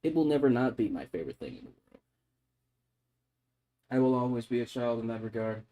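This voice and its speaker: A man, a streamer, chatting casually on a livestream in an animated, mock-solemn lecturing way. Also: medium pitch, fairly quick. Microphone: microphone.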